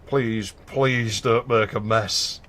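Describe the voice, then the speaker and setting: A man voicing an anxious father who pleads with his children in a soft, nervous way. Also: fairly low pitch, fairly even intonation, slow, slight background noise, voice pushed down.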